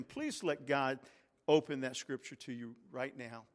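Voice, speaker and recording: A man's voice: medium pitch, unhurried, in a large hall. A man, a pastor, preaching a sermon with call-and-response and swelling emphatic peaks. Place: large church sanctuary.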